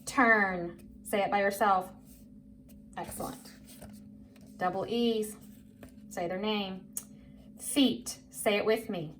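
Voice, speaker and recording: Slowly and encouragingly, a teacher walks young children through phonics, drawing out each word so they can repeat it. Her voice is middle-pitched with a fairly bright tone, and a faint hiss of background noise runs beneath.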